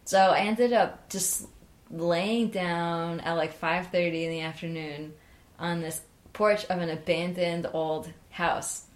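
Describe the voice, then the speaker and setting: Speaking slowly, a young female interview guest rambles through a casual story, peppering it with "like" and trailing restarts. Her slightly low voice leaps upward when she acts out her own excited reactions, keeping the chatty tone animated.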